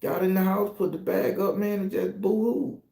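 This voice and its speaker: A man's voice: sits high, fairly even intonation, moderate pace, vocal fry, dark tone. A middle-aged man with a Southern US accent, a tarot reader giving a preachy, profane and confessional spiritual monologue. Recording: echoey room.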